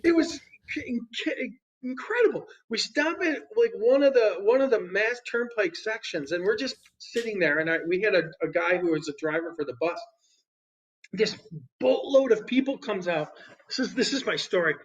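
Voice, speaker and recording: Lively high-voiced man telling road stories. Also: moderate pace, muffled recording. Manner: animated, laughing often, many restarts. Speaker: guest musician. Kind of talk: casual storytelling. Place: podcast studio.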